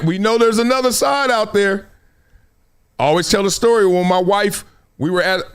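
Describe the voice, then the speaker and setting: A middle-aged man hosting a live sports talk stream, telling stories in a casual way and acting out the lines of the people in them. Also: a little high. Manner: animated storytelling, acts out quotes. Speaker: host.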